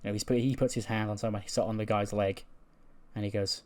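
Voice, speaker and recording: A man's voice: fairly low pitch, steady tone, quick pace, darkish tone. A man casually narrating and commenting on a game, rambling and correcting himself as he goes. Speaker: gaming channel host.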